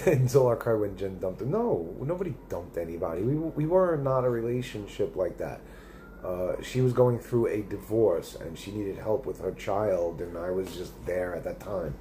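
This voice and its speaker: A man's voice: low voice, creaky, dark tone, slight background noise. A middle-aged man live streaming, rambling and swearing in casual chat as he reads viewer comments aloud. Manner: rambling and profane, with many restarts.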